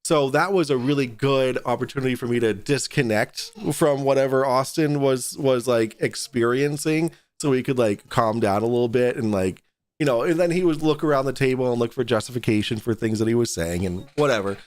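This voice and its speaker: A man's voice: mid-range voice, a little fast, darkish tone, dry recording. A man chatting as a guest on a talk show, hesitant and full of restarts. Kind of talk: casual chat.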